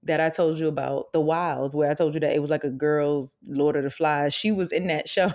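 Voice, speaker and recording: A woman's voice: low-pitched, a little fast. A young adult woman co-hosting a podcast, chatting casually and laughing often as she tells stories. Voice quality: laughs often, animated storytelling. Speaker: podcast co-host. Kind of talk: casual chat.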